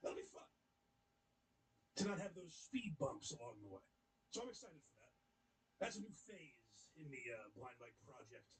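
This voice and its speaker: A man's voice: on the high side, very animated, moderate pace, long pauses, slight background noise, rough recording. Blunt man laying down rules. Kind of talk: casual podcast chat.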